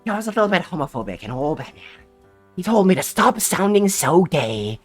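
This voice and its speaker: A man's voice: high-pitched, sing-song, soft background music. A man doing a sly, taunting Joker. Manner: theatrical, sly, drawn-out taunting. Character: taunting unhinged male clown villain.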